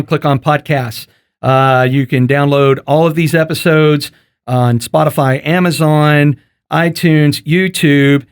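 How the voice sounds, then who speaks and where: A man's voice: on the high side, smooth. A man hosting a casual podcast interview, folksy and joking. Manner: folksy and joking, loose with fillers. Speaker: podcast host.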